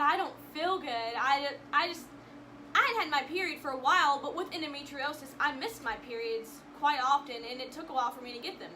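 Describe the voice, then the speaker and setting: A young woman talks straight to her camera, retelling a personal story with a lot of emotion, often stopping and restarting her sentences. Her voice sits high and bright. A faint hum of room ambience runs behind her. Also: low-quality recording. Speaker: vlogger.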